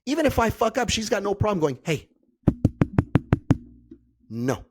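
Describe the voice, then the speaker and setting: A man's voice: high-pitched, unhurried, loud music behind the voice. Blunt, profane man telling stories. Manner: blunt, profane, animated storyteller. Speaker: podcast guest. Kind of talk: casual conversation.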